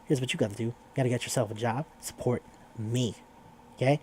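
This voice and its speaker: Guy doing a mean selfish lady, swears a lot, mellow low-key voice. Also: fairly quick, a little hiss or hum, natural voice. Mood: scornful. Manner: loose, profane paraphrase. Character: cold selfish adult woman.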